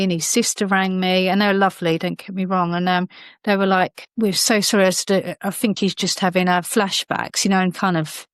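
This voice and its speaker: A woman's voice: mid-range voice, clear, resonant tone, dry recording. A woman, a podcast guest, telling an emotional personal story in a rambling way, full of fillers and restarts.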